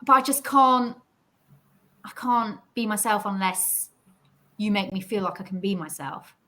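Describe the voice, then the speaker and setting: A woman's voice: mid-range voice, unhurried. A woman from England chatting casually as a guest, telling stories and acting out what other people said. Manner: chatty, animated storyteller who acts out other people's lines. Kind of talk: casual chat about mental health.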